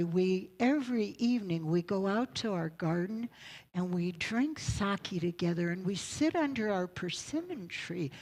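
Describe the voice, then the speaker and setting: A woman voicing a small, kindly elderly man who speaks softly and with delight. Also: mid-range voice, vocal fry, rough recording. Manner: warm, delighted, soft-spoken.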